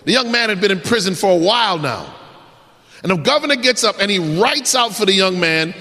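A man preaching a dramatic sermon, swinging from shouts to hushed endings. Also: high-pitched, sing-song, brisk. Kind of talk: sermon with storytelling. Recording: echoey hall.

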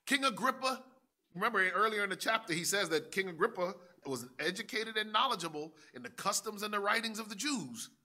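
Male preacher, forceful voice, dramatic sermon delivery that swells into shouts. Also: sits high, expressive, brisk. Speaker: pastor.

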